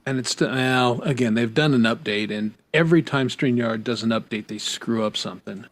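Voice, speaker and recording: A man's voice: mid-range voice, fairly quick. A man co-hosting a casual live-stream chat over a video call, jokey and teasing, now and then breaking into song.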